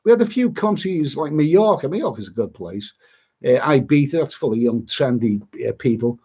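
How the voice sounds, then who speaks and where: A man's voice: medium pitch, very animated, moderate pace, darkish tone, slightly rough. A man from Liverpool with a Liverpool accent, rambling bluntly and grumbling through a casual live-stream chat as a travel vlogger. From Liverpool, England. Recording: dull lo-fi sound.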